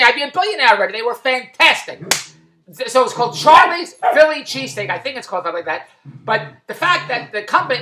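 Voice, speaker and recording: A man vlogging about his day at a shopping mall, rambling and repetitive, breaking into loud plugs for his business. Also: very high voice, roomy sound, background noise. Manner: repetitive, tangential, with loud self-promoting plugs. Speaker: vlogger and online business owner. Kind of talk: rambling casual vlog.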